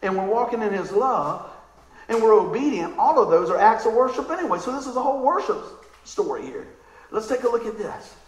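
A high-pitched man delivers a sermon, excitable and chatty, telling stories and often checking in with his listeners. His voice rings around a big room with a lot of echo. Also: fairly quick. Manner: animated, excitable storytelling; conversational, asks the crowd questions. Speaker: preacher.

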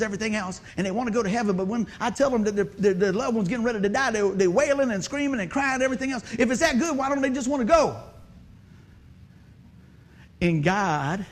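A man's voice: sits high, lively intonation, fast. A man preaching a sermon, telling a folksy story and joking with the congregation. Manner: folksy, conversational, joking with the audience.

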